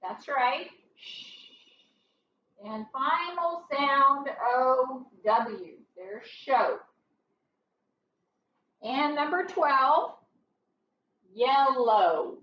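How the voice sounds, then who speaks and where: Animated and high-voiced, a woman leads her class through phonics at a slow, drawn-out pace, patient and encouraging throughout. The sound is dull and spacious, recorded from far away in the classroom.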